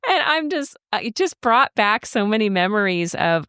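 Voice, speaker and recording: A woman's voice: mid-range voice, very animated, normal speed, bright, forceful tone, smooth, no room sound, clean studio sound. A middle-aged woman co-hosting a podcast, telling stories in a chatty way and laughing often. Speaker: podcast co-host. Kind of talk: casual podcast chat.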